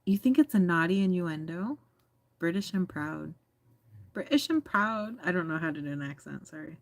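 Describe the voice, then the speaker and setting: A woman's voice: deep voice, fairly quick, darkish tone, dry recording. An American woman hosting a casual livestream, reading chat messages aloud with teasing, giggly chatter. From United States. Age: adult.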